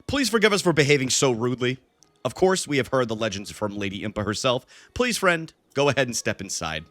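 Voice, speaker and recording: A man's voice: mid-range voice, sing-song, fairly quick, a bit bright, no room sound. A man reading a stern, formal male guard's game lines in his own voice. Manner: formal, read plainly off the screen.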